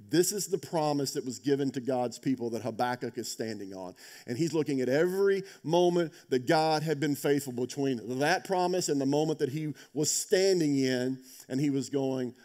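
A man preaching a sermon in a warm, mellow voice. He tells stories conversationally, checks in with his listeners, and swings from loud emphatic peaks down to hushed, intense passages. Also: mid-range voice. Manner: conversational, asks "right?". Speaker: pastor.

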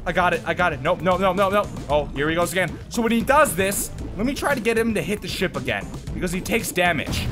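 A young man giving excitable commentary over a video game, chatting to viewers and breaking into loud yelps and shouts during the action. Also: high voice, quick pace, few pauses. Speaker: gaming video host. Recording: faint game music behind.

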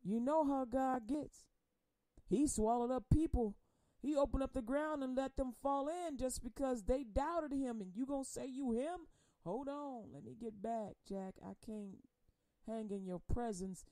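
A woman's voice: sits high, a little slow, warm tone, dry recording, clean studio sound. A woman performing spoken word poetry in a rhythmic, preaching delivery, speaking in the first person as Jesus with slangy, teasing confrontation.

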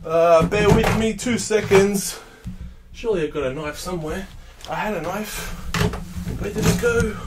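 An excitable man chatting casually through a console unboxing for his vlog, calling everyone mate. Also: sits high, heavy background noise. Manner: excitable, says mate a lot. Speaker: gaming vlogger.

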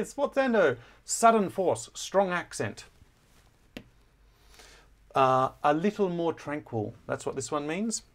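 A man explaining a musical score in a relaxed, chatty way, often pausing with fillers and correcting himself as he goes. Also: fairly high pitch. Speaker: music teacher. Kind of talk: casual score walkthrough.

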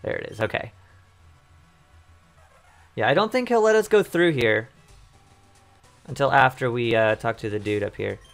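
A man commentating his own video game run in a casual, rambling way, often repeating himself as he thinks aloud. His voice is wearing thin and going hoarse. Faint game music sits behind him. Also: mid-range voice, expressive, moderate pace, pauses often. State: losing his voice. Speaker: let's play host.

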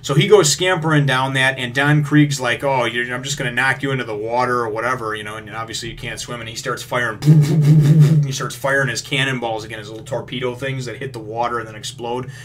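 A manga review host with a mid-range, medium-pitched voice recaps a chapter a little fast, with hardly any pauses, in a loose, filler-packed ramble. He swears casually and gets excited retelling the fight scenes.

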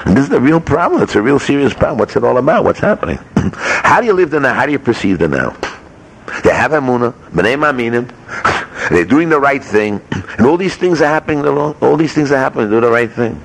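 A man's voice: mid-range voice, sing-song, brisk, vocal fry, husky. A man, a rabbi teaching a Torah class at a yeshiva, speaking emphatically, firing rhetorical questions and mixing Hebrew terms into his English. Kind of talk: Torah lecture. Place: yeshiva study hall.

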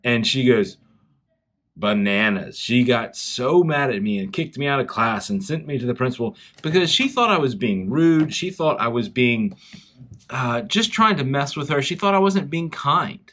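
A man from South Carolina with a Southern US accent tells a story to schoolchildren in a children's chapel talk, repeatedly asking them direct questions. He is expressive, speaks at normal speed with a fairly bright tone, and his pitch rises and falls a lot.

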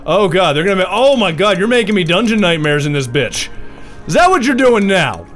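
High-voiced sarcastic guy doing a game commentary, bounces all over, faint music under it. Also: fairly quick. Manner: sarcastic, excitable. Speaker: let's play host. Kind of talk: casual gameplay commentary.

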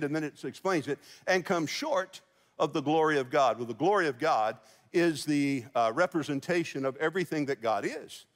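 High-voiced pastor in a reverberant hall. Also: male voice. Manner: folksy storytelling with jokes. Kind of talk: sermon. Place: large church auditorium. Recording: long church hall reverb.

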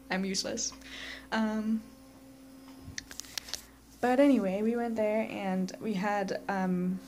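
A woman's voice: medium pitch, a little mellow, a little hiss or hum. Rambling young woman vlogging. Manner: rambling, many fillers and self-corrections. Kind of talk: casual vlog chat.

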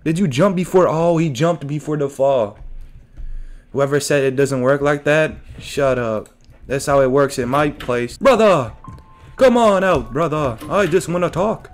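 A man's voice: fairly high pitch, animated, unhurried. A man giving casual gameplay commentary as a streamer, joking to himself and his chat and yelping at scares. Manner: jokey, talks to himself and chat, yelps at scares. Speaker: let's play streamer.

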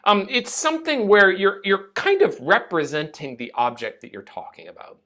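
Animated man giving a lecture. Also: high-pitched, normal speed. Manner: animated, demonstrative, restarts phrases often. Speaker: speech teacher. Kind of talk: classroom lecture.

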